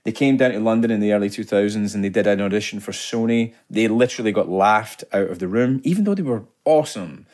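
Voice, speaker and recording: A man, a guest telling stories in a casual podcast chat, lively and laughing often. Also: on the low side, quick pace, hardly any pauses. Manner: animated storyteller, laughs often. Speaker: guest actor.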